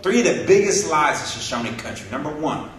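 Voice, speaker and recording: A man's voice: on the high side, brisk, crowd noise. A man doing a stand-up comedy set, telling stories and acting out the people in them. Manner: animated storytelling, acting out other people's voices. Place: hall with a live audience. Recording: echoey hall from far off, audience laughing.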